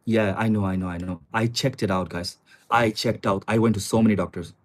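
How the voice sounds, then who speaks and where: A man's voice: on the low side, steady tone, brisk. Chatty male streamer. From China. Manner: chatty, addresses viewers as guys, answers chat comments. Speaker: live streamer. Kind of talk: casual live stream chat. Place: small studio apartment with river view.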